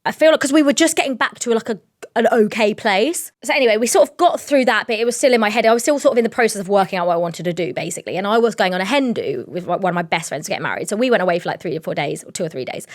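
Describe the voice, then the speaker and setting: A young woman co-hosting a podcast, telling a story in a rambling, animated way with lots of fillers. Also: medium pitch, racing, no echo, studio quality. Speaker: podcast co-host. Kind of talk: casual storytelling chat.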